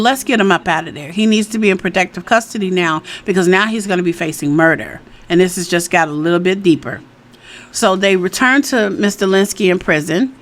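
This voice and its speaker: A woman giving a casual, chatty recap of a TV episode, retelling scenes in her own words. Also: medium pitch. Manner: chatty, retells scenes with quoted dialogue, frequent "you know". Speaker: TV recap host.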